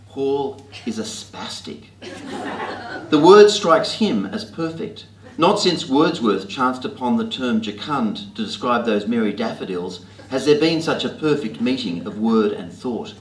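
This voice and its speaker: An Australian man reading his own comic writing aloud to an audience with a wry, deadpan, self-mocking delivery, in a library talk venue. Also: lowish voice, slight background noise. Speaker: author reading his work. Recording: roomy hall with faint ambience.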